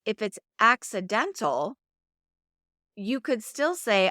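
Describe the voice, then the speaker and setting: A woman's voice: mid-range voice, big pitch swings, a little slow, bright, forceful tone, dry recording. Earnest coaching podcast woman, dry sound. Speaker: podcast host. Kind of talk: solo podcast talk.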